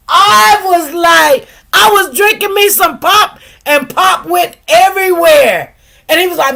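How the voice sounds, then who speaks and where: A livestream host with a high-sitting, bright, creaky voice speaks at an unhurried pace with a forceful tone. She chats casually with her live audience, addressing viewers directly in a slangy, talkative way.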